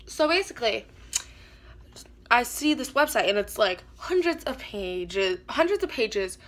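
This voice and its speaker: A woman's voice: fairly high pitch, big pitch swings, a little slow, a bit bright. A woman vlogger telling a personal story to camera in a rambling, chatty way with many restarts.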